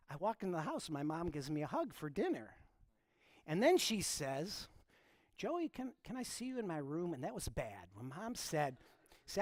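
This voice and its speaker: Casual storytelling pastor, fairly high voice. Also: male voice, dry recording. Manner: informal, self-deprecating, talks straight to the congregation. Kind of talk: conversational sermon storytelling. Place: church.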